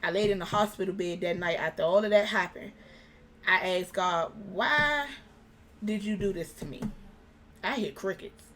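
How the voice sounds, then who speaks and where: A young woman, an interview guest, telling a personal story in casual conversation, animated and acting out the dialogue. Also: mid-range voice, normal speed, slight background noise. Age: young adult.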